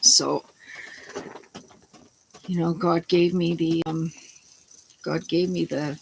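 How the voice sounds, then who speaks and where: Creaky-voiced middle-aged woman telling a story. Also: lowish voice, level tone, takes it slowly, a little hiss or hum, poor audio. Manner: rambling, salty, starts over mid-sentence. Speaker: vlogger. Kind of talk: casual storytelling to camera.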